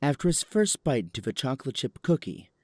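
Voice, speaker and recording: A man narrating a story in calm, even scripted narration for an audio drama. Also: medium pitch, fairly quick, no echo.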